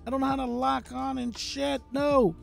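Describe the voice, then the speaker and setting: A man chatting casually on a gaming live stream, excitable, swearing and calling everyone "dude". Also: very high voice, moderate pace, gravelly, soft background music.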